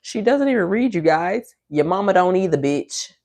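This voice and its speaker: A woman's voice: lowish voice, animated, normal speed, a little mellow, no room sound. A woman hosting a livestream in casual, rambling chat, swearing freely as she rants at commenters. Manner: profane, ranting at commenters; loose, rambling talk to viewers. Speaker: livestream host.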